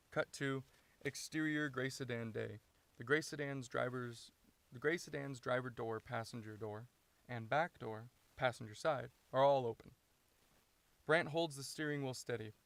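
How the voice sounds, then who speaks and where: A man reading his own screenplay aloud, steady and matter-of-fact, inside a parked car. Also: medium pitch, vocal fry, no room sound. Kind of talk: script read-through narration.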